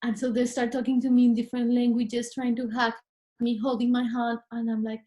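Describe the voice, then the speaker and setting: A woman's voice: on the high side, a little fast. A woman, a podcast guest, telling a personal story in casual conversation and acting out what she said back then. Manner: animated, acts out her own past words.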